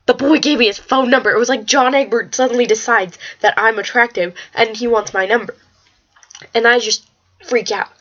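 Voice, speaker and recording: A teenage girl chatting in a casual vlog, rambling and excitable, swearing when she gets worked up. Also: a little high, normal speed. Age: teens. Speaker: vlogger. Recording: slightly dull lo-fi webcam audio.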